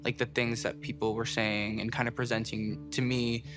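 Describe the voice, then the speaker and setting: A man's voice: medium pitch, flat delivery, moderate pace. Man reflecting on his past, casual, guitar playing behind. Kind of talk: personal testimony. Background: guitar music.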